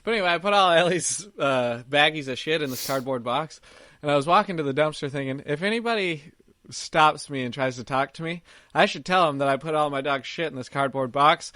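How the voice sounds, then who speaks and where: A man's voice: fairly high pitch, brisk, bright, forceful tone, dry recording. A young man co-hosting a podcast, telling rambling stories and laughing at his own jokes, recording from his camper. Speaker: podcast co-host. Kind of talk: casual chat.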